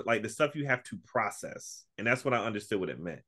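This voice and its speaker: Deep laid-back guy telling stories on a podcast, laughs a lot. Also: big pitch swings, fast talker, bright, forceful tone. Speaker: podcast guest and co-host of another podcast. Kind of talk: casual interview chat.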